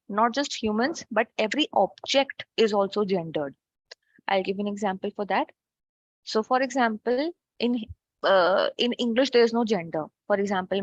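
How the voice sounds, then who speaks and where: A woman's voice: medium pitch, dry recording. Woman, online language teacher, patient step-by-step explainer; dry, muffled video-call sound. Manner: explains step by step with frequent "okay" checks. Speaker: French teacher. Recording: dull lo-fi online call audio.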